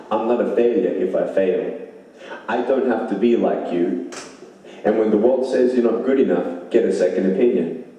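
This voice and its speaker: A man's voice: lowish voice, mellow, a little hiss or hum. A man giving an inspirational speech, emphatic, repeating lines for effect. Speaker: motivational speaker. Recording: very echoey hall, mic far off.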